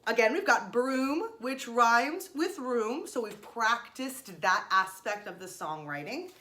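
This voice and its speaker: A woman's voice: on the high side, expressive, slow pace, sharp tone. A young woman teaching a music lesson to children, explaining each step in an encouraging way. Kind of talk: online music lesson for kids.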